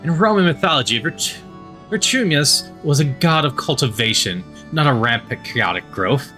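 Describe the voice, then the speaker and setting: A man voicing a stern, domineering male colony governor who gives a booming speech. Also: expressive, normal speed, pushed and bright, soft background music. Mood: rousing.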